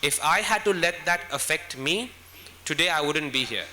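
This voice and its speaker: A man takes questions from a student audience. His voice sits high and rings very bright, with a faint hiss of background noise. He explains patiently and keeps asking "okay?". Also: animated, moderate pace. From India. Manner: instructive, repeats "okay?" to check listeners. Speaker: guest speaker answering student questions. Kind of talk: Q&A session at a school event.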